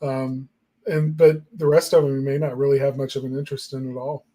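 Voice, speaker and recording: A man's voice: medium pitch, little pitch movement, fairly quick, warm tone. A man co-hosting a marketing talk show, musing in casual chat with lots of fillers. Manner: reflective and rambling, many fillers.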